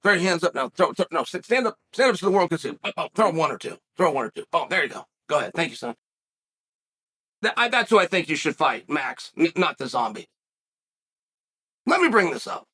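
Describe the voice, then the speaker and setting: Fight-show host, man, high and bright voice, casual and emphatic, repeats lines for punch. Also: sing-song, a little fast. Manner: rambling, breaks off to direct his son off camera; emphatic, repeats phrases for effect. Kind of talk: casual commentary and storytelling.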